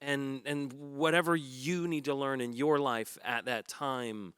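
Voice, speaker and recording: A man's voice: mid-range voice, steady tone, a little slow, a bit bright, clean tone, no echo, clean studio sound. A man, a stage actor on a discussion panel, talking in an earnest, reflective way with frequent restarts.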